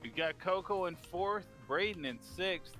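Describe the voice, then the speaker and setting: A man giving eager play-by-play commentary on a video game race, rising in excitement at each crash. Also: sits high, measured pace, faint music behind.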